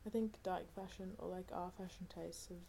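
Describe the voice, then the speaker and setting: Chill young woman podcasting, swears a lot, lowish mellow voice, bit of faint background hum. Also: steady tone, moderate pace, vocal fry. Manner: laid-back, swears a lot, many fillers. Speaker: podcast co-host. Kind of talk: casual chat.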